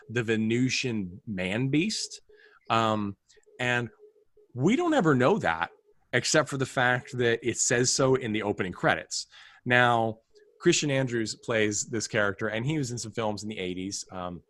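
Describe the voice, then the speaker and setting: A man's voice: fairly low pitch, fairly bright tone, dry recording. A man co-hosting a film podcast, chatting casually and rambling with wry asides and frequent restarts. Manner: rambling, self-interrupting, wry. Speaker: podcast co-host. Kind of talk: casual film review chat.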